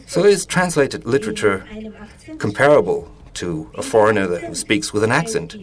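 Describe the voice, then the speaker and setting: A man, an author, giving a reflective spoken essay in a deliberate, musing way with small restarts. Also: lowish voice. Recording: audience noise in the room.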